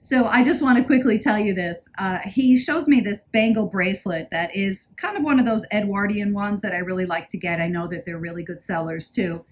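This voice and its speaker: A woman's voice: medium pitch, a little fast, hardly any pauses, a little hiss or hum. A woman vlogging a casual haul video about jewelry she bought, chatty and enthusiastic, often repeating words for emphasis. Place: indoors, traveling.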